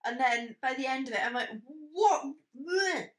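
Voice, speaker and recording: A young woman chats on a home podcast in a voice pitched a little high. She teases her co-host with exasperated banter. The room echoes around her voice. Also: level tone, fast talker, fairly bright tone. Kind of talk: casual chat. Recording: roomy home recording.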